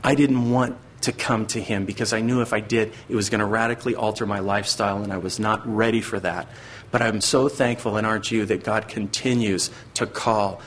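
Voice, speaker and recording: A man's voice: lowish voice, fairly even intonation, fairly quick, fairly bright tone, a little hiss or hum. A middle-aged man preaching a sermon earnestly, now and then acting out the voices of biblical figures. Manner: earnest, acts out voices of God and Satan. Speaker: pastor.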